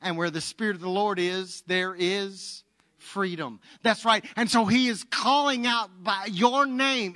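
A man preaching an Easter sermon, telling a story and swinging from loud to hushed. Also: high voice, measured pace, no room sound. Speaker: pastor.

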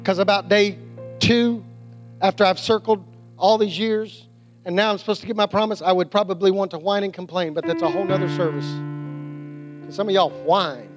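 High-voiced preacher with a drawl. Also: male voice, brisk, over music. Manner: animated preaching with restarts and acted-out quotes. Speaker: pastor. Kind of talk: sermon.

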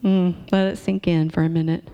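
A woman's voice: fairly low pitch, flat delivery, normal speed, clean tone, dull audio. Conversational woman preacher. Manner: conversational, asks the congregation questions. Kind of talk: sermon. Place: church.

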